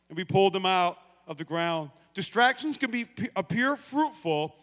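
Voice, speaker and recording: High-voiced preacher in an echoing hall. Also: male voice, fairly quick, few pauses. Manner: animated, acts out quotes, addresses the church. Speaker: pastor. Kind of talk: sermon with personal story. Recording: long reverb of a large hall.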